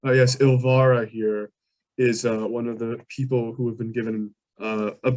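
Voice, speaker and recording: A man's voice: medium pitch, little pitch movement, normal speed, a little mellow. A man narrating as game master of a tabletop game, describing scenes with many fillers and restarts.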